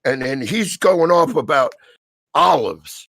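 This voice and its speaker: A man telling a story in casual chat, swearing freely and loudly acting out the lines of the people in it. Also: medium pitch, moderate pace, no echo. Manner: profane, animated storyteller acting out quotes loudly.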